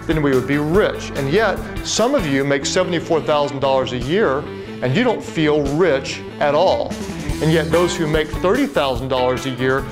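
Pastor telling a story over guitar music. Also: male voice, fairly high pitch, moderate pace. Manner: storytelling, punchy repetition. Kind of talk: sermon video.

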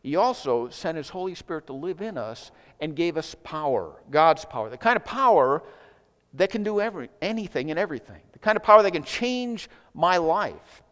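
Casting: male pastor, fairly high voice with a lively, swooping delivery, casual asides, reverberant sanctuary sound. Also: normal speed, clean tone. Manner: conversational, animated preaching with asides. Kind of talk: sermon.

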